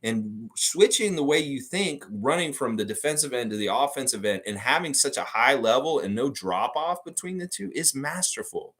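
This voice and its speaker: A man's voice: mid-range voice, lively intonation, moderate pace, few pauses, a bit bright, husky. A man hosting a live sports fan show, talking in a casual, emphatic and blunt way with frequent cursing. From United States. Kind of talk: casual live stream commentary.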